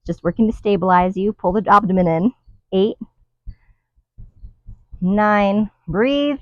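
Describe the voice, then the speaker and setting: Lady coaching a workout outside, counts reps slow, lil laughs, kinda muffled. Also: medium pitch, no room sound. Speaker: fitness instructor. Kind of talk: guided workout instruction. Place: outdoors in the wind.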